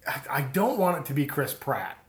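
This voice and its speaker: A man's voice: mid-range voice, big pitch swings, moderate pace, echoey room. A man co-hosting a casual chat, swearing and laughing through rambling banter, recorded on a phone. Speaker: podcast co-host. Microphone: phone app.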